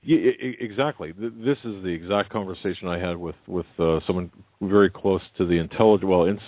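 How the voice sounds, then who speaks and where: A man hosting a radio talk show, speaking haltingly and often restarting as he interviews a guest. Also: sits low, no room sound, narrow, tinny audio.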